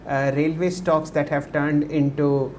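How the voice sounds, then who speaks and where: A man with an Indian English accent hosting a live stock market show, talking with many drawn-out fillers. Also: fairly high pitch, level tone, noisy background.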